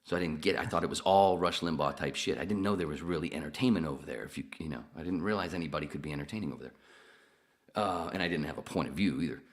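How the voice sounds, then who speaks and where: Deep-voiced man telling rambling stories. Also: racing. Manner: rambling, profane, laughs while telling stories. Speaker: podcast host. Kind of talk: casual storytelling chat.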